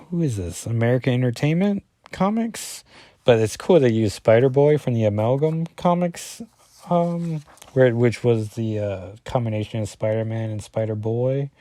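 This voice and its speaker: A man's voice: mid-range voice, dark tone, no echo. Rambling man reviewing a comic. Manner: rambling, self-correcting, full of fillers. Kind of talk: casual commentary reading through a comic.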